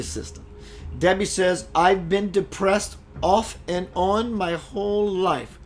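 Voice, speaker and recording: A man's voice: a little high, slight background noise. A man hosting a live spiritual talk show, speaking emphatically and calling his viewers sister and brother as he reads their comments.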